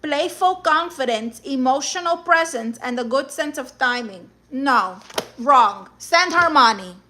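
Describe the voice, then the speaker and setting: A woman's voice: high-pitched, expressive, measured pace, sharp tone, full character voice. A woman playing a brash, self-assured woman who sassily mocks advice and chat while dropping Spanish words. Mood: sassy, scornful. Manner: sassy, scornful, interjects Spanish words. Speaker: livestream comedy host reading chat and a self-help book. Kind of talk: live-streamed character comedy.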